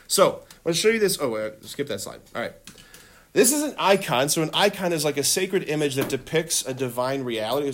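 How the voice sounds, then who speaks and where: A man teaching a room of children, his voice lively and a little raised. He laughs easily, asks questions and leads the group in chanting phrases back. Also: a little high. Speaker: religion teacher. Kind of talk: classroom teaching with call-and-response. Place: classroom.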